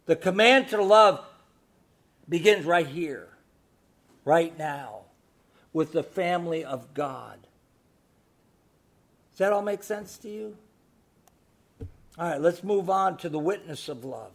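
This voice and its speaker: A man with a high, light voice preaches a sermon. He drops to a near hush while telling a story, then builds to loud, emphatic exhortation. He keeps asking the congregation rhetorical questions. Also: animated, takes it slowly, pauses often. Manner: swings between hushed storytelling and loud exhortation. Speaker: pastor.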